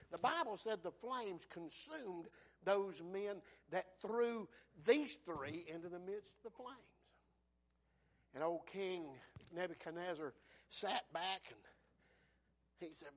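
A man preaching a sermon, telling Bible stories in a folksy way and swinging from hushed to shouting. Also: high voice, moderate pace.

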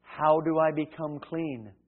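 A high-pitched man preaches a sermon, rising to loud, emphatic peaks and dropping to near hushed tones. He acts out conversations as he goes. The sound is thin and tinny, like a phone line. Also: fairly even intonation, a little slow. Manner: dramatic swings from loud to hushed, acts out dialogue.

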